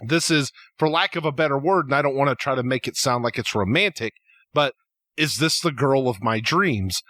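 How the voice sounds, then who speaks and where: A man co-hosting a podcast in casual conversation, working through a theory with halting phrases and frequent restarts. His voice sits at an ordinary middle pitch. The recording is dry and close. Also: pushed and bright, no room sound. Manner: halting, many restarts, speaks in tangents. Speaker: podcast co-host. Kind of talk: casual fan speculation chat.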